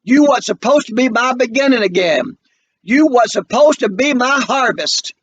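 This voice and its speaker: A man's voice: high-pitched, lively intonation, a bit bright, dull audio, voice pushed up. A man doing a stern, grave old mother. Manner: slow, weighty, scolding. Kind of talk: dramatic play reading.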